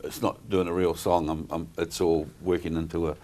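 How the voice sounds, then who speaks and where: A middle-aged man talks in a very low voice. He wanders through his stories, stopping and restarting often with plenty of ums. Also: level tone, normal speed, dark tone. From New Zealand. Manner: rambling, many fillers and restarts. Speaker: guest entertainer. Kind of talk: casual interview chat.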